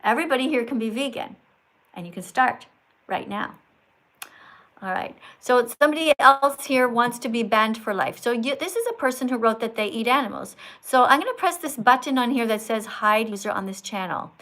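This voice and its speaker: A woman's voice: a little high, expressive, fairly quick, a bit bright, rough recording. An older woman hosting a livestream, talking to callers in an emphatic, scolding, teacherly manner. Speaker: livestream host.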